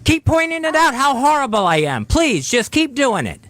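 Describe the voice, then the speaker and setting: A man's voice: very high voice, huge pitch swings, normal speed, a bit bright, dry recording. A male radio co-host arguing on air, defensive, profane and self-deprecating. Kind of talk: heated on-air argument.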